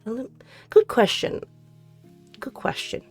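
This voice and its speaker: A woman's voice: slow, a little mellow. A woman streamer chatting casually with her live chat, giggling often and answering questions as they come. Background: faint background music.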